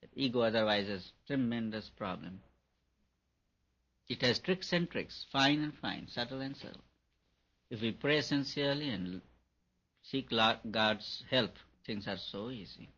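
A man's voice: medium pitch, animated, a little slow, fairly bright tone, husky. A man giving a spiritual talk on meditation, repeating his points for emphasis. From India. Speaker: meditation teacher. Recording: dull lo-fi recording.

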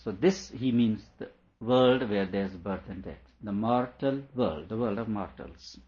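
A male teacher giving an explanatory lecture on a scripture, repeating each question aloud before patiently explaining it, with quiet chuckles along the way. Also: on the low side, measured pace. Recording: dull lo-fi recording.

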